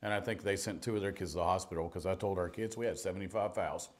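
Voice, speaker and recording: A middle-aged man preaching a sermon, telling stories in an animated way, swinging between loud and hushed. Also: deep voice, quick pace. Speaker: pastor. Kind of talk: storytelling sermon.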